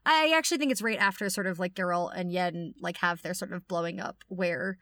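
A woman co-hosting a casual podcast chat, animated, reading out quoted lines from a story. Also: fairly low pitch, fairly quick, no room sound. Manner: animated, reads out quoted lines with dry voices. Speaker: podcast co-host.

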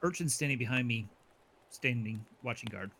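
A man playing in an online tabletop game, stumbling and repeating himself as he narrates his character. His voice is gravelly with a bright, sharp edge. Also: medium pitch, lively intonation, normal speed, slight background noise. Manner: stammering, restless. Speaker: player. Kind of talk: tabletop role-play.

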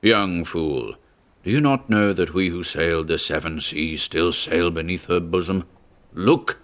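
Man doing a ghostly sea captain, deep, slow, solemn, commanding. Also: a bit bright. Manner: slow, solemn, sympathetic, stern.

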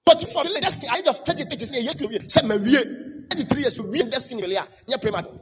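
A pastor preaching a fiery sermon, shouting and chanting repeated declarations. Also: male voice, extremely high pitch, animated, very fast, very noisy. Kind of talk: fiery sermon mixing Twi and English.

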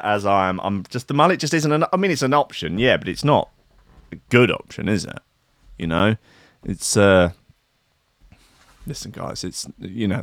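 A man, riffing sarcastically on a news story. He swears freely and rambles, and his pitch swings a lot. The sound is dry and close. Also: fairly bright tone, dry recording. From Australia. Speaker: comedy commentator. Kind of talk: sarcastic comedic news riff.

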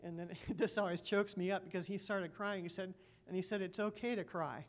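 A woman pastor sharing earnest personal stories in a church sermon, with soft laughs between thoughts. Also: medium pitch, flat delivery, brisk.

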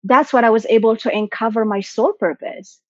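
A woman speaking in an earnest, flowing way as a coach on a casual interview, leaning on "like" and "right?" as she goes. Her voice sits a little high. The audio is dull and lo-fi, with a dry sound. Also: brisk, no room sound. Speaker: guest, coach for women and executives.

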